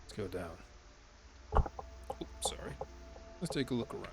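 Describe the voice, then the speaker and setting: A man's voice: lowish voice, very animated, moderate pace, gravelly, heavy background noise. A man giving casual gameplay commentary, thinking aloud and hesitating as he weighs his choices. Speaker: game player.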